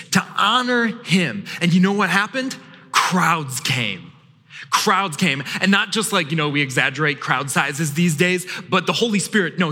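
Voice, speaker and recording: Animated, high-voiced man preaching. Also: husky, in a large hall. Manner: animated storytelling, acting out quoted voices. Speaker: pastor. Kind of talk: sermon. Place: church sanctuary.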